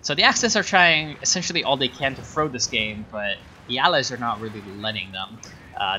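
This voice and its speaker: A man's voice: medium pitch, pushed and bright, a little hiss or hum. A man casting a strategy game replay in a sarcastic, rambling way, full of fillers and asides. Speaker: game caster. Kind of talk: casual game commentary.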